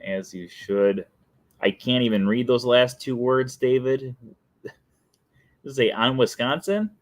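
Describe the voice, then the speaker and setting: Hosting a relaxed live stream, a young adult man chats playfully, bursts into a sung jingle, and frequently laughs at his own expense. He has a mid-range voice and speaks slowly, with no echo.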